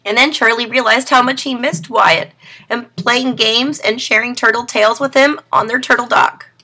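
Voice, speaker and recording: Woman reading aloud, children's story, expressive, bright tone, breathy. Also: on the high side, normal speed.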